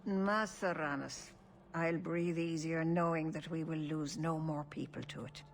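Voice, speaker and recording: Grave elder elf clan leader, lowish voice, solemn game dialogue. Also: female voice, steady tone, unhurried, a little hiss or hum. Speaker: clan keeper in a video game.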